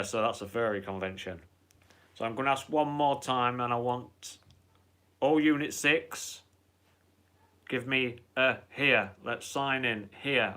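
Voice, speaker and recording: A man's voice: medium pitch, pushed and bright. A man hosting a casual live stream, chatting in a rambling way, swearing freely and reading out viewer comments.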